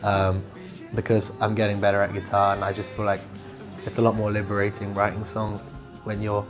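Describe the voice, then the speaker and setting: A man, a musician, chatting casually in an interview in a relaxed, rambling way that trails off softly at times. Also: on the low side, fairly quick, over music. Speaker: musician guest.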